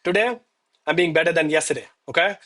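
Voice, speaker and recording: A young man streaming live from home on a headset mic, hyped and out of breath after exercise, talking excitedly to his chat. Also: fairly high pitch, fast talker. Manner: hyped, exclaiming, addresses chat as bro.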